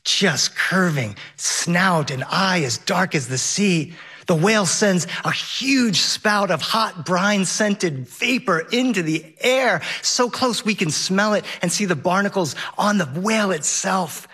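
A man's voice: high-pitched, animated, slow, bright, forceful tone, slightly rough. A middle-aged man telling a personal story on stage, wry and vivid, with comic timing.

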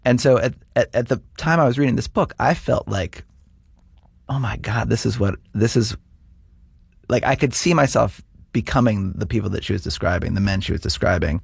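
A man's voice: medium pitch, a little fast, vocal fry, breathy edge, dry recording, studio quality. A man telling a confessional personal story, hesitant and earnest, stumbling over his words.

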